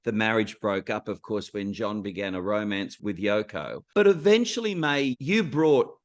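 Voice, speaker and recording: An interviewer asking a guest questions in an engaged, expressive way. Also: medium pitch, moderate pace.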